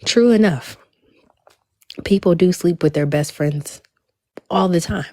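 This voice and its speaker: A woman's voice: on the low side, slow pace, dark tone, no echo, clean studio sound. A woman hosting a casual livestream, chatting to viewers in a Black with asides and the odd whisper. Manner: chatty, drops into whispers at times. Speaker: livestream host.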